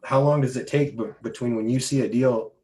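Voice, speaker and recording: A man's voice: medium pitch, fairly even intonation, brisk, a little mellow, slight background noise. A man coaching an online group in a conversational, emphatic way, with many fillers and restarts. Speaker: business coach. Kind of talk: live online coaching talk.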